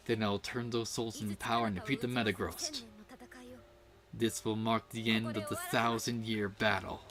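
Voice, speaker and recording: A woman voicing a solemn ancient female demon slayer who consumes souls, speaking gravely and with resolve. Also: extremely low pitch, fairly even intonation, normal speed. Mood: cold resolve.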